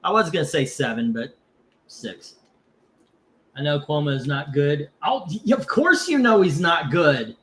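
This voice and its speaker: A man hosts a loose, chatty comic book auction, his voice sitting a bit on the high side. He rambles and swears between calling out lots and bids. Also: measured pace. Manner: rambling, cursing, gets heated over politics then calms down. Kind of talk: casual live auction stream.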